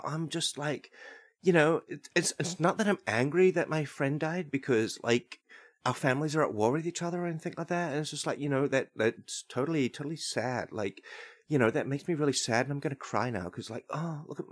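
A man's voice: on the high side, moderate pace, natural voice. A man voicing a young, laid-back surfer-dude Romeo, drawling and full of filler words. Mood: mock-sorrowful.

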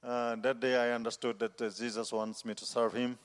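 A man, a missionary preacher, giving his personal testimony in earnest, halting, non-native phrasing. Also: mid-range voice, little pitch movement. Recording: long reverb of a large hall.

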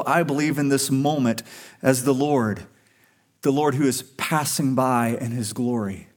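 Earnest conversational male pastor preaching. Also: on the high side. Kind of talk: sermon.

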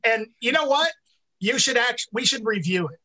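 A man co-hosting a podcast in casual chat, animated and laughing often. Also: very high voice, normal speed, rough recording. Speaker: podcast co-host.

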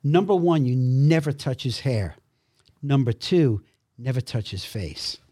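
A man from Brooklyn, a podcast guest telling a story in a lively way and acting out the other people's voices. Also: medium pitch, measured pace, no echo, clean studio sound. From Brooklyn, New York. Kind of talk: storytelling conversation.

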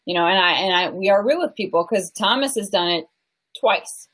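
A woman in her mid-thirties speaking at an everyday middle pitch, talking frankly as a relationship coach in an interview. She is animated and goofy, jumps into tangents and leans on "you know" and "like" as she goes. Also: moderate pace, husky, low-quality recording. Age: 30s. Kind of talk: candid conversational interview.

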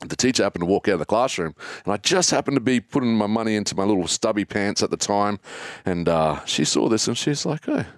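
Low-voiced man telling a story. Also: fast, dry recording, clean studio sound. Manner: animated, acts out childhood voices. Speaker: guest telling his life story. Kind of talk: casual storytelling in an interview.

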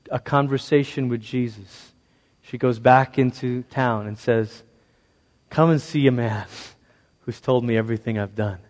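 A man who grew up in Malaysia, preaching a sermon as a pastor with emphatic, repetitive rhetorical phrasing that swings from loud to hushed. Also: mid-range voice. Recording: long reverb of a large hall.

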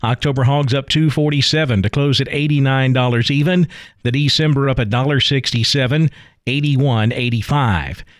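A man anchoring a farm radio market report, reading prices in a brisk, steady way. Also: mid-range voice, no room sound, clean studio sound.

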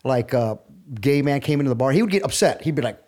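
A man's voice: medium pitch, animated, quick pace, darkish tone. A middle-aged man, a wrestling guest, telling stories in an enthusiastic, rambling way during a casual interview.

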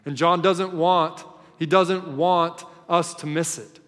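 Preacher with a ringing hall echo. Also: male voice, fairly high pitch, steady tone, takes it slowly. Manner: storytelling, swinging between loud and hushed. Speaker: pastor. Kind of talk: sermon.

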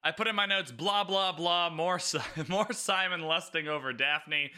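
Bright-voiced man ranting casually. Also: a little high, a little slow. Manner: animated, swearing, frequent "you know what I mean". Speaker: book and show commentator. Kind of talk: casual reaction commentary.

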